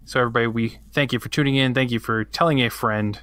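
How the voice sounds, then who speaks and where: Bright, dry-sounding male podcast host. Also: mid-range voice, steady tone, no room sound. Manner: jokey, quick to tease. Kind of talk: casual banter and show outro.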